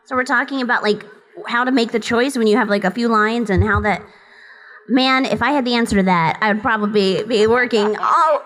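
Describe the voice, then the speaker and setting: A woman's voice: a little high, fairly quick, a bit bright, poor audio. A woman voice actor speaking on a convention panel, chatty and prone to tangents. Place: convention hall.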